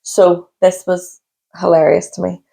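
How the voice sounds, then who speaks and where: Gravelly woman telling stories. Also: lowish voice, unhurried. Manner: animated storytelling, acts out people she met. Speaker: podcast co-host. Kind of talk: casual chat.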